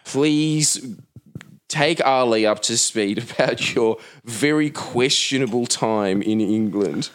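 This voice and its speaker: A man's voice: medium pitch, slow. A man, co-hosting a podcast in casual banter, teasing and mocking with frequent laughs. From Australia. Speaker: podcast co-host.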